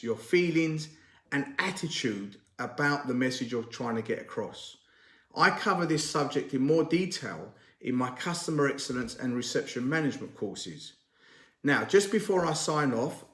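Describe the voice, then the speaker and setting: A man who trains garage staff, giving a measured, deliberate talk to camera and stressing key words as he explains. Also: medium pitch. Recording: roomy echo.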